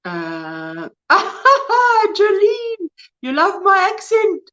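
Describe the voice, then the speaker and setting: A woman's voice: very high-pitched, sing-song, drawn-out words, sharp tone, muffled recording. A woman in her fifties with a South African accent, hosting a casual crochet livestream from home, chatting with viewers, greeting them by name and laughing often. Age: 50s. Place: at home, indoors.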